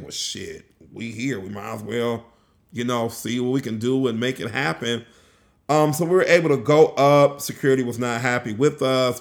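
A young man tells a travel story in a casual, animated vlog, full of slang and excited asides. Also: mid-range voice, vocal fry. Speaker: vlogger.

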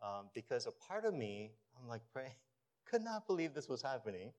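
A man preaching a sermon as pastor of his church, animated, rising to emphatic peaks and dropping to a low storytelling voice. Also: moderate pace.

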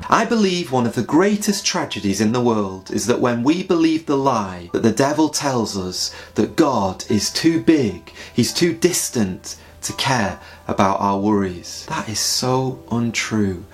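A man preaching, telling a lively story and then pleading earnestly with listeners to come to faith. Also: mid-range voice, measured pace, hardly any pauses. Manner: animated storyteller, rising to an earnest plea. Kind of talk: sermon storytelling. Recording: soft music behind.

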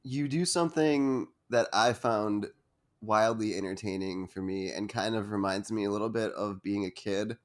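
A man's voice: on the low side, normal speed. A man hosting an interview, asking long, rambling questions full of fillers. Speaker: host. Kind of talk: casual interview chat.

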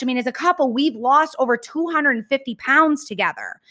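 A woman's voice: high voice, animated, fast, hardly any pauses, pushed and bright. A woman, candidly telling her personal story on a podcast, earnest and full of "like" and "y'all". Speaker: podcast host.

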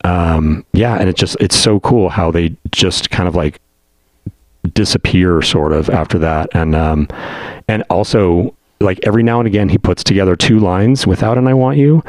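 A man chatting casually as a podcast panelist, enthusiastic and halting, with many fillers and restarts. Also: fairly low pitch, darkish tone, dry recording. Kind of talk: casual chat.

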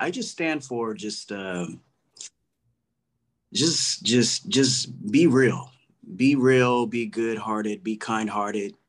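A man from Los Angeles, a podcast guest, speaking loosely with many ums and repeats. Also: lowish voice. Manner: relaxed, hesitant, many "um"s and repeats. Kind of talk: casual video-call interview.

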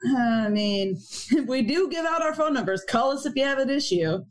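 A woman's voice: high-pitched, expressive, normal speed. A woman co-hosting a podcast in casual chat, throwing in wry, joking quips. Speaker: podcast co-host.

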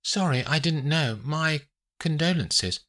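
Male narrator as probing, flirtatious woman lawyer, bright, audiobook dialogue. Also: slow pace. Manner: higher put-on female voice, probing. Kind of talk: audiobook character voice.

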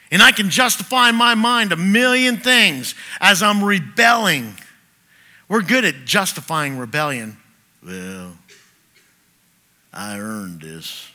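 A middle-aged man preaching with a very bright, forceful voice that sits a little high for a man. He tells his stories in an animated way, jumping from loud, punchy lines to hushed asides. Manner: animated storyteller, swings from loud bursts to quiet asides. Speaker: pastor. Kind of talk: sermon with personal anecdotes.

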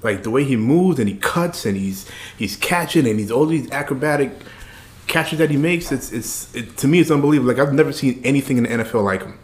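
A man's voice: medium pitch, lively intonation, fast. A man who is a guest on a podcast, talking eagerly and repeating himself as he chats. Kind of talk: casual chat. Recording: echoey room.

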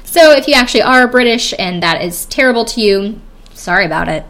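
A woman's voice: on the high side, expressive, brisk, fairly bright tone. A young woman chatting casually as she recaps a reality TV episode, with lots of fillers and personal opinions. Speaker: podcast host recapping a reality show. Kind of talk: casual chat.

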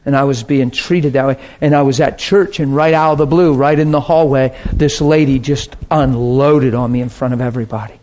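A man preaching a personal testimony, telling the story with strong feeling and swinging between soft and loud delivery. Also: medium pitch, fairly even intonation, a little fast, few pauses. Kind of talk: sermon testimony.

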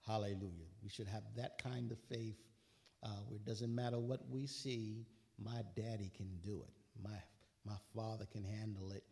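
A man's voice: on the low side, fairly even intonation, normal speed, vocal fry, warm tone. A man preaching a sermon, quoting scripture with rising, emphatic bursts and casual asides.

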